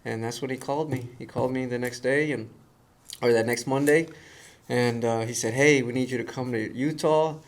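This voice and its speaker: A man telling a story in casual conversation, animated and acting out the voices of the people in it. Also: medium pitch, normal speed. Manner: animated storyteller who acts out quoted voices. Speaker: guest.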